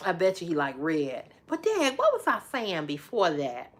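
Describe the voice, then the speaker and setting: A woman hosting a casual livestream and chatting with viewers about their comments. She teases, laughs often and breaks into loud exclamations. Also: lowish voice, huge pitch swings, normal speed. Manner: chatty, teasing, folksy. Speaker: livestream host.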